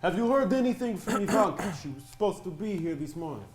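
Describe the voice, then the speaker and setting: A man's voice: sits high, lively intonation, quick pace, echoey room, loud music behind the voice. Man doing a Russian gangster, mock-polite. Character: Russian drug gangster, adult man, smooth and flattering.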